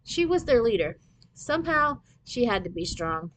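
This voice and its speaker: A woman's voice: a little high, sing-song, normal speed, a bit bright, a little hiss or hum, low-quality recording. A woman storyteller reading a children's novel aloud expressively.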